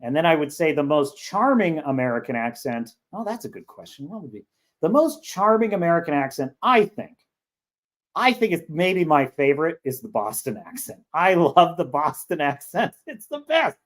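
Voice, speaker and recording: Californian guy rambling on his stream, jokey, chatty, reads chat out loud. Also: on the high side, lively intonation, moderate pace. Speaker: livestream show host. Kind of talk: casual livestream commentary.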